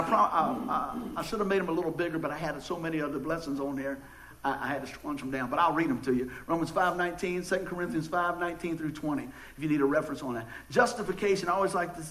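Here the pastor sounds a little high and a bit bright, talking fast on a low-quality recording. He tells jokey stories in a laid-back sermon, stammering and starting over frequently in his folksy way.

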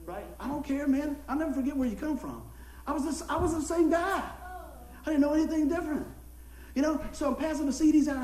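A man, a pastor telling folksy, animated stories in a sermon and acting out the people in them. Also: very high voice, quick pace. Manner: folksy, animated storytelling with acted-out quotes and laughter. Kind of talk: storytelling sermon. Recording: echoey room.

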